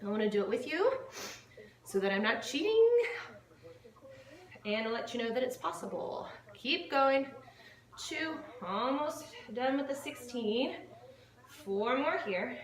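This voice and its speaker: High-pitched lady counting reps in her living room, a bit winded, echoey and kinda far from the mic. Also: a bit bright. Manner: upbeat, counting reps aloud while exercising. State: out of breath. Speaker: fitness instructor. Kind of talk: home workout instruction.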